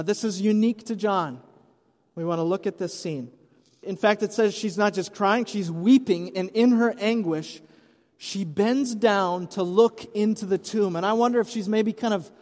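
High-voiced pastor in an echoing hall. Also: male voice. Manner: conversational storytelling with light humor. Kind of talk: Easter sermon. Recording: long hall reverb.

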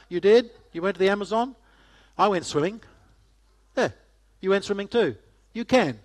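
Man, middle-aged, joking church talk, slightly high voice, chatty. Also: a bit bright. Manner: jokey, chatty, asks the audience questions. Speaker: guest speaker. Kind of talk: testimony talk to a church audience.

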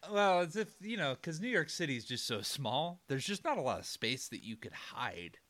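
A man's voice: a little high, big pitch swings, normal speed, a bit bright. A man casually recapping a movie with a friend, meandering with fillers and mock-quoting characters. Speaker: podcast co-host.

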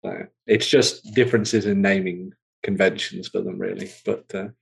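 A man's voice: low voice, steady tone, moderate pace, gravelly. A man in a casual group chat, eagerly explaining fantasy lore at length with frequent restarts.

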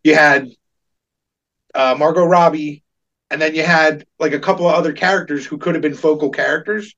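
A man in casual pop-culture chat, opinionated and animated, laughing often as he makes his points. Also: a little high, normal speed, distant mic, highs cut off.

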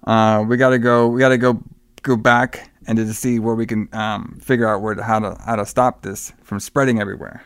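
A man's voice: on the low side, flat delivery, brisk, clean tone, no echo. A man casually retelling a film plot, swearing freely and acting out the characters' lines. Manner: profane, rambling, acts out quoted lines. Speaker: podcast co-host recapping a film. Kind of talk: casual chat.

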